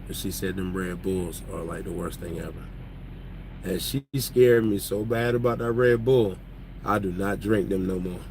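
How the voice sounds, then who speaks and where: A man's voice: low-pitched, normal speed, a little mellow, a little hiss or hum, low-quality recording. A man who drives trucks, telling stories in loose casual chat, joking and laughing as he talks. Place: truck cab.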